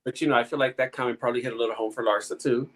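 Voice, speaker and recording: A man's voice: mid-range voice, fairly even intonation, racing, fairly bright tone, rough recording. A man co-hosting a podcast, giving frank, opinionated takes on a reality TV episode in casual talk. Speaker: podcast co-host.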